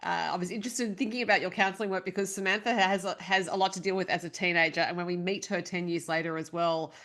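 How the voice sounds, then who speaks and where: A woman hosting a podcast who asks curious, measured interview questions. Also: lowish voice, fairly even intonation, a bit bright. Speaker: podcast host.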